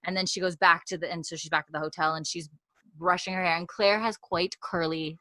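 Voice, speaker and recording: A woman's voice: lowish voice, fairly even intonation, a little fast, bright, forceful tone, dry recording. A young woman co-hosting a casual podcast, animatedly recapping a TV episode and acting out the characters' lines.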